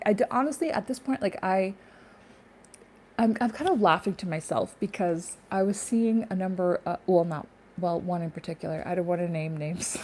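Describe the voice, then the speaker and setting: Woman vlogger, mellow tone, loose rambling delivery full of fillers, faint hiss in the recording. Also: on the low side. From Canada. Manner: rambling, laughing to herself, many fillers. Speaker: spiritual YouTuber. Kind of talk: casual spiritual vlog monologue.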